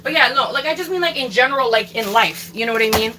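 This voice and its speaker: A woman's voice: on the high side, lively intonation, quick pace, background noise. A young woman ranting casually on a livestream, swearing a lot and repeating herself for emphasis.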